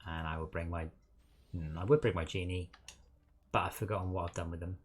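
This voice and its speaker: A man's voice: low-pitched, fairly even intonation, fairly quick, slight background noise. A man streaming a co-op game, chatting casually and self-mockingly while calling out targets and coaching his teammates. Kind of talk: casual gameplay chat.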